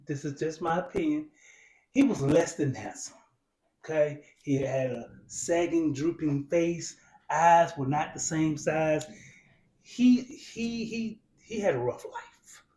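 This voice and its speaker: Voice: medium pitch, expressive, takes it slowly, a little mellow, recorded from a distance. Cohost cracking jokes on a show recap, roomy echo. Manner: chiming in, joking. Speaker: co-host. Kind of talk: comedic TV recap.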